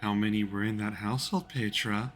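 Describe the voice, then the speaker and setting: A man's voice: fairly low pitch, fairly even intonation, a little fast, faint music behind, natural voice. A man voicing a cruel, haughty female vampire bride who talks in a mocking, imperious way. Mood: taunting.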